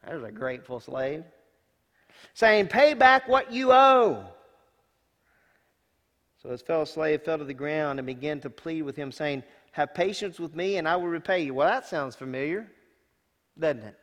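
A man preaching from the pulpit, his voice pitched a little high and carrying a long, ringing reverb from the hall. He reads scripture and comments on it in a folksy, emphatic style, rising to loud bursts and dropping to hushed asides. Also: a little fast. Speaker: senior pastor. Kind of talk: sermon with scripture reading.

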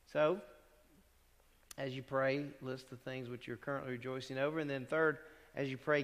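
Male pastor, fairly high voice, chatty preaching style, church reverb. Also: a bit bright. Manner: conversational preaching, asks the congregation questions. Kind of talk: sermon. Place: church sanctuary.

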